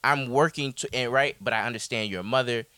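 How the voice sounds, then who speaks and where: A man's voice: medium pitch, fast talker, bright, forceful tone, clear, resonant tone, no echo. A man co-hosting a casual chat, rambling through a story recap with many restarts. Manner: rambling, restarts, quotes characters in voices. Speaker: podcast co-host recapping a show.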